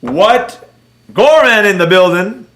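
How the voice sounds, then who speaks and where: Male livestream host, bright and animated, roomy echo. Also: high voice, takes it slowly. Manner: animated, joking, addresses chat viewers by name. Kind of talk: casual livestream Q&A.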